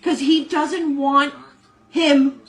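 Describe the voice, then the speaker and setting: A woman's voice: high voice, fairly even intonation, drawn-out words. A woman in a heated argument, answering defensively and often getting cut off mid-sentence.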